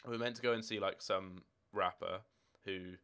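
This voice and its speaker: A young man of eighteen talks casually on a game stream, wandering from one answer to the next. His voice sits a little low and sounds smooth and clean. He is from Scotland. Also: steady tone, moderate pace, fairly bright tone. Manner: rambling, chatty, answering chat questions as they come. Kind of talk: casual live-stream chat. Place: home room with football shirts and drawers.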